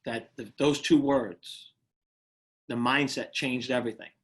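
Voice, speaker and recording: A man's voice: medium pitch, fairly even intonation, unhurried, husky. New York man telling his story. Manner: repeats words and restarts often, laughs easily. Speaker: guest, retired firefighter and motivational speaker. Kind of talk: casual interview storytelling.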